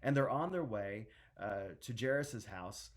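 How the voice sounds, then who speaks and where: A man's voice: lowish voice, lively intonation, unhurried. A middle-aged man preaching a sermon as a minister, talking conversationally with restarts and acting out the people in a story.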